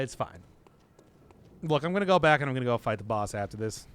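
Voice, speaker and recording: A man's voice: mid-range voice, lively intonation, a little fast, long pauses, a bit bright, clear, resonant tone. A man streaming a video game, chatting casually in a rambling, joking way and laughing often. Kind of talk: casual live-stream commentary.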